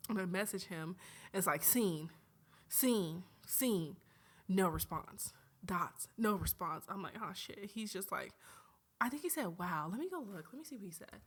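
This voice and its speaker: A young adult woman from Atlanta hosting her own podcast in an animated, chatty way. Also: mid-range voice, a little slow, husky. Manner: animated, chatty, swings between loud outbursts and quiet asides. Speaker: podcast host. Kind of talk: casual solo podcast chat.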